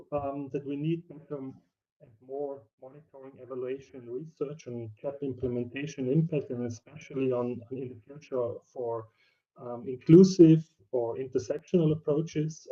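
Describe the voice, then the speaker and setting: A man's voice: medium pitch, warm tone. Hesitant man on a muffled remote call. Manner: hesitant, many filler sounds and restarts. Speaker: panel speaker, senior researcher. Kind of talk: online panel remarks. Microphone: remote call, mic too far away.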